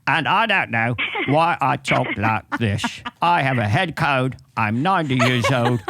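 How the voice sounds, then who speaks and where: A man impersonating a grumpy ninety-year-old male barber, talking slowly and gruffly. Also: medium pitch, animated, very noisy. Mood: grumbling. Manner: slow, gruff, swearing.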